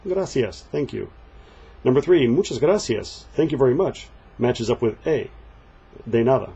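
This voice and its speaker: A man walking through a Spanish textbook page, patiently explaining and reading the example phrases slowly. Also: medium pitch, lively intonation, vocal fry, warm tone, breathy edge, low-quality recording. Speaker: Spanish teacher. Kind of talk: textbook walkthrough lesson.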